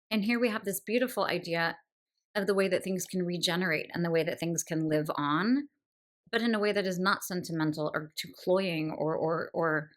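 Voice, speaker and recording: A woman's voice: lowish voice, a bit bright. A woman hosting a book podcast, talking through a novel with admiring enthusiasm and thoughtful asides. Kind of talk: literary discussion monologue.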